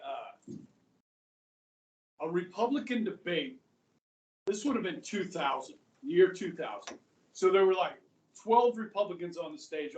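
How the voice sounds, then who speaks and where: Man, Kansas accent, history teacher, casual lecture, recorded from far off. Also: on the high side. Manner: chatty, checks in with frequent "okay?". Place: school classroom. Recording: echoey classroom from far off.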